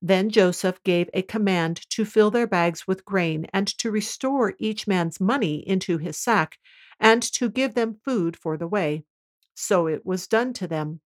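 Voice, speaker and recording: A woman reading a scripture passage aloud in a solemn, measured way. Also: mid-range voice. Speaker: scripture reader. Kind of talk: scripted narration.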